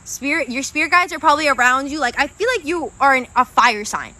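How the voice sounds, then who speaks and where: A woman's voice: high-pitched, expressive, fairly quick, sharp tone. A young woman giving live-stream tarot readings, chatty and casual, swearing freely and calling her viewers guys and babe. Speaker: tarot reader.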